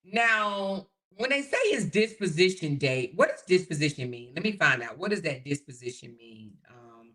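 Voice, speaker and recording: Female livestream host, casual and chatty, bright tone. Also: fairly low pitch, lively intonation, moderate pace. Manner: chatty, talks straight to the chat, repeats herself.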